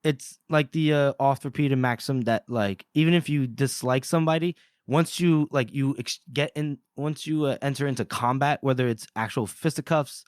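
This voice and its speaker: A man's voice: medium pitch, moderate pace, few pauses, smooth, dry recording, studio quality. A man co-hosting a casual book podcast, laughing often and acting out quotes from the book in put-on voices. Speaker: podcast co-host.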